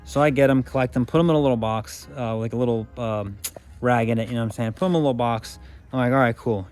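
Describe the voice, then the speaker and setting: Guy rambling thru a story about his car, swears a ton, mid-pitched voice, faint music behind. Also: quick pace, darkish tone. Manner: rambling, heavy swearing, lots of filler phrases. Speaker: car vlogger. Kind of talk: casual storytelling.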